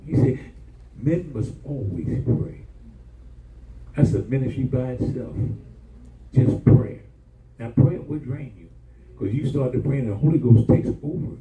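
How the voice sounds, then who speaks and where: A man's voice: medium pitch, animated, unhurried, pauses often, dark tone, slight background noise. A man preaching a sermon as pastor, impassioned, calling for responses from the congregation. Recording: roomy church sound from far off.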